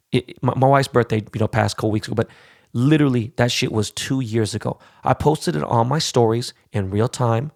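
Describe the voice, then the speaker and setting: A man hosting a podcast, ranting in a casual, heated and profane way with quick asides. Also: medium pitch, gravelly, darkish tone, no room sound, clean studio sound. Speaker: podcast host.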